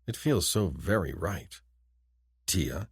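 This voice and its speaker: A man reads a romance novel in the first person in a deep voice with lively, wide-ranging pitch. The reading is expressive and intimate, and the mic is dry and close. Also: moderate pace, dry recording. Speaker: audiobook narrator.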